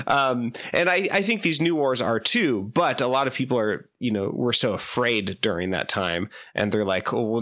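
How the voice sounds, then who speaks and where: A man's voice: medium pitch, fairly bright tone. A man co-hosting a podcast in casual chat, rambling with many fillers and giggles. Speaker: podcast co-host.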